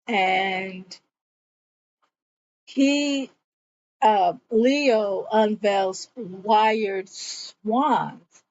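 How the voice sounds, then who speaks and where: Slow-talking woman recapping an episode. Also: mid-range voice, a little mellow, lo-fi sound, a little hiss or hum. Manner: chatty retelling, acts out quoted lines. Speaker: TV series reviewer.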